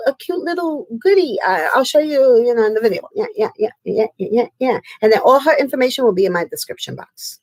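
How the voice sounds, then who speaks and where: A woman's voice: sits high, darkish tone, no room sound, low-quality recording. A woman from the United States chatting casually and effusively on a live stream, often laughing. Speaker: crafting livestream host.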